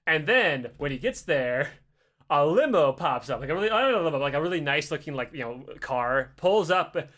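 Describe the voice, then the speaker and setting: Guy with a high bright voice telling a funny story, swearing a lot, doing voices. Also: big pitch swings, brisk. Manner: swears often, acts out voices, laughs mid-sentence. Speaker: podcast host telling a story. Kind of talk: casual comedic storytelling.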